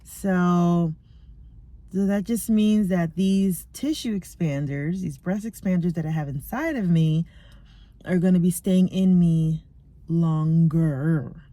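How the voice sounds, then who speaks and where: A middle-aged woman talking candidly in a chatty personal video diary, sometimes dropping into soft asides. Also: fairly low pitch, takes it slowly, no room sound. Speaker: vlogger. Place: sitting in a parked car.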